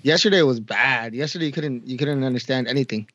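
A man co-hosting a podcast with a hoarse voice he is still recovering, talking laid-back and jokey. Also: medium pitch, fast, a bit bright, no echo, highs cut off. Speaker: podcast co-host. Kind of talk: casual chat.

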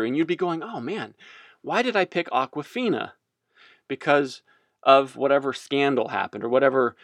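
A man's voice: medium pitch, no echo, studio quality. A man giving a casual, jokey teaching talk about faith that rambles along. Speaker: speaker on faith.

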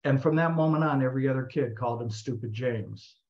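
A man's voice: medium pitch, a little fast. Man telling a story, slightly muffled. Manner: animated narration with voiced quotes. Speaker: speaker. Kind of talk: storytelling talk.

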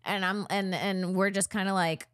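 A woman comedian and podcast co-host, telling a story in casual chat, animated and full of "like". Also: mid-range voice, moderate pace, no room sound, clean studio sound. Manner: animated storyteller, heavy use of "like".

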